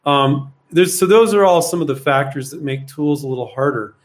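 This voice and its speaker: A man's voice: fairly high pitch, moderate pace. A man hosting a live Q&A, answering viewers' questions in a blunt, rambling way with plenty of fillers and rhetorical questions. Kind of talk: casual live Q&A coaching.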